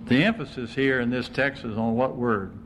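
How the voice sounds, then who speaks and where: A man gives a casual sermon in an even, mid-pitched voice, often pausing to quiz his listeners. A light hiss of background noise sits under the recording. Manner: conversational, asks the audience questions. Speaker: preacher. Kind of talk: informal sermon.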